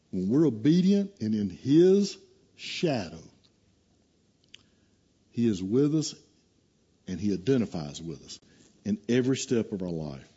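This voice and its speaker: A man preaching a sermon, telling a scripture story in a storytelling way, dropping low and hushed and then rising to emphatic, raised lines. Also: slightly rough, muffled recording. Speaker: pastor.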